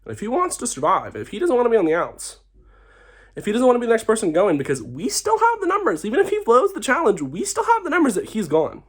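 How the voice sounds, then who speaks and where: A man's voice: very high voice, huge pitch swings, fast. Tipsy, theatrical young man. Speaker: reality show contestant. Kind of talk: confessional to camera.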